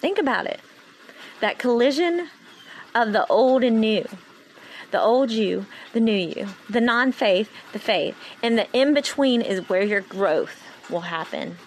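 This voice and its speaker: Woman podcast host, rambling inspirational monologue, lively and preachy, faint noise behind. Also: on the high side, unhurried, poor audio.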